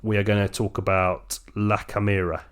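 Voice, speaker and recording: A man's voice: on the low side, flat delivery, moderate pace, fairly bright tone, clear, resonant tone. A young adult man co-hosting a film podcast, blunt and casual, swearing offhandedly as he leads the wrap-up. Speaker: podcast co-host.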